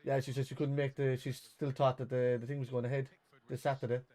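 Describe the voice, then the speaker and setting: A man co-hosting a football watch-along, calling out excited reactions to the play and swearing freely. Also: mid-range voice, quick pace. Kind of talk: live match watch-along chat.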